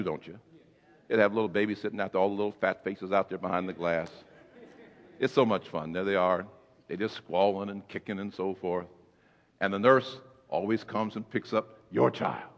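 A male pastor preaching a sermon, swinging from hushed storytelling to shouted exhortation. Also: deep voice, moderate pace, pauses often, long reverb tail, highs cut off. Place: church sanctuary.

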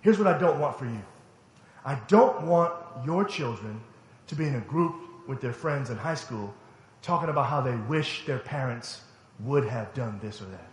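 A man's voice: medium pitch, normal speed, roomy sound, a little hiss or hum. Middle-aged pastor guy, emphatic, laughs through his stories, swings way up and down. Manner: animated, emphatic, laughs while telling stories. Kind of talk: sermon storytelling.

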